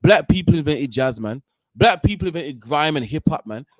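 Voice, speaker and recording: A man hosting a talk show, ranting and preaching fast, tagging "man" onto his lines. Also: on the high side, lively intonation, no room sound. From United Kingdom. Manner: ranting, repeats "man" at line ends, mimics others. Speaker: host. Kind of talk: heated street-corner preaching.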